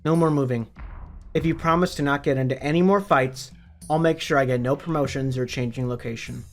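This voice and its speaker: A man's voice: medium pitch, a little fast, lightly acted. Brief: stern, loving mother, read by a man recapping a novel, faint music underneath. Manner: firm, pleading.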